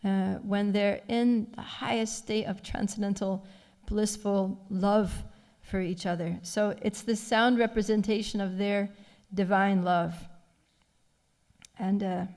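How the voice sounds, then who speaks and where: A woman giving a devotional scripture class, retelling a story with animated feeling and frequent soft laughs. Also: medium pitch, takes it slowly, in a large hall. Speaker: class speaker. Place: temple class.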